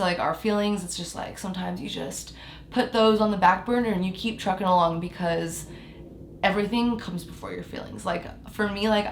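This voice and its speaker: A woman's voice: fairly low pitch, roomy sound. A young woman vlogging about her feelings, close to tears, rambling with lots of fillers. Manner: rambling, heavy use of "like", emotional. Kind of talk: emotional personal vlog talk.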